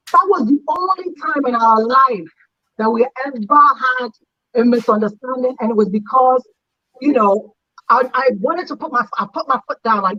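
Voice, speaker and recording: Animated woman telling a story. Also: high-pitched, moderate pace, dull audio. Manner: animated storyteller, acts out quoted lines. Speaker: host. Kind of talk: casual chat telling a personal story.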